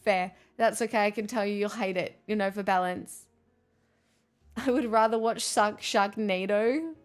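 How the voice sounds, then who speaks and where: A woman's voice: mid-range voice, a little slow. A woman live streaming in casual chat, sarcastic and ranting, often breaking into laughter.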